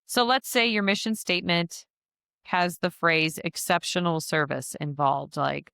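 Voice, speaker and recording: Low, smooth-voiced woman podcast host. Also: expressive, normal speed, fairly bright tone, no echo, studio quality. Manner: chatty, frequent "like" fillers, laughs at herself. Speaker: podcast host and business mentor. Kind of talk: casual instructional podcast.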